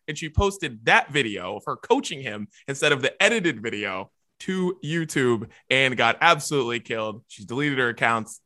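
A man co-hosting a casual podcast chat, animated and jumping up in pitch to make a point. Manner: animated, jumps high in pitch for emphasis. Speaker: podcast co-host.

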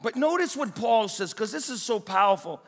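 Guy preaching a sermon, really high voice, keeps hammering the point over and over, big echo off the church walls. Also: expressive, normal speed. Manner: emphatic preaching with repeated exhortations. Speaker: pastor.

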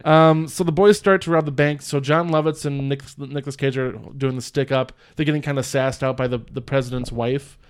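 A man's voice: mid-range voice, fairly even intonation, brisk, hardly any pauses, clear, resonant tone. A man hosting a podcast, casually retelling movie scenes with lots of laughter and acted-out quotes. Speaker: podcast host. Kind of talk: casual movie-review chat.

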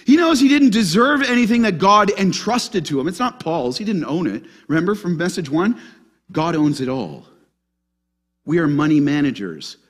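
A male pastor preaching a sermon in a church, with an animated delivery that puts questions to the congregation. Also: a little high, normal speed, husky.

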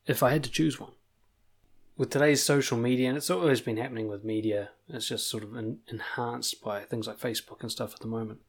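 A man with a mid-range voice works as a confidence coach, delivering a blunt motivational monologue. He swears freely and drives his points home with animated emphasis.

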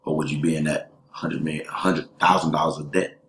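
A man's voice: rumbling low, flat delivery, fairly quick, a bit bright. A man, an elementary school teacher, talking casually as a guest, emphatic and streetwise, speaking in run-on bursts. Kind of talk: casual chat. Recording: roomy echo.

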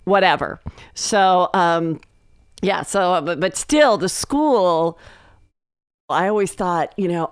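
Animated storytelling woman, smooth voice. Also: on the low side, unhurried, dry recording, clean studio sound. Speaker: comedian guest. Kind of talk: casual podcast chat. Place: podcast studio.

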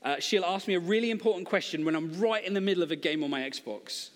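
A man gives a sermon, chatty and funny, slipping into little acted-out quotes. His voice sits a bit high for a man. A long reverb trails after him, as in a large hall. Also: fast talker. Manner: conversational, humorous storytelling, acts out quotes. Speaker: preacher.

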